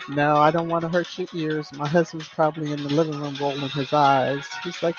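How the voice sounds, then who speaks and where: A woman's voice: sits low, level tone, a little fast, hardly any pauses. Chatty woman hosting a live stream. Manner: chatty, sing-song greetings to viewers by name. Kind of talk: casual live-stream chat. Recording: slightly muffled, soft background music.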